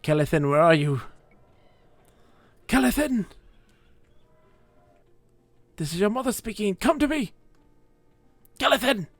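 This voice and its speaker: Guy doing a dramatic doting mom, high voice, scolding like crazy, all over the place. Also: very animated, normal speed, no echo, soft background music, exaggerated voice. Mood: calling, scolding. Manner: theatrical, overwrought scolding. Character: melodramatic doting mother, middle-aged woman.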